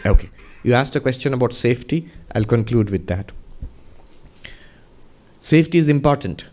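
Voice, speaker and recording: Monk giving a spiritual Q&A talk, measured, conversational storyteller. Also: male voice, medium pitch, animated, darkish tone. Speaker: monk and resident minister.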